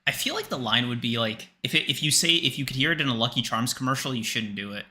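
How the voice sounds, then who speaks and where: A man's voice: medium pitch, lively intonation, fast, noisy background. A young man co-hosting a casual podcast livestream, exasperated and swearing often as he protests. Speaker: podcast co-host.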